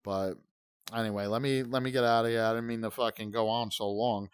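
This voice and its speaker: A man's voice: on the low side, fairly even intonation, a little fast, smooth, dry recording, studio quality. A man in his forties hosting a gaming channel, ranting in profane, heated, rambling commentary. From United States.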